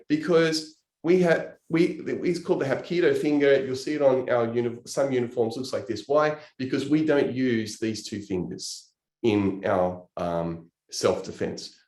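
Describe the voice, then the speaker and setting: A man's voice: mid-range voice, darkish tone, reverberant. A man giving an earnest, emotional motivational talk on sales and recruiting, gesturing with his hands as he explains. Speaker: network marketing trainer.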